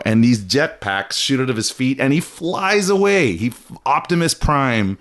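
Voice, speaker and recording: A man's voice: medium pitch, sing-song, unhurried, hardly any pauses, a bit bright. A man hosting a podcast, telling a story in casual chat and acting out jokey quotes. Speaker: podcast host.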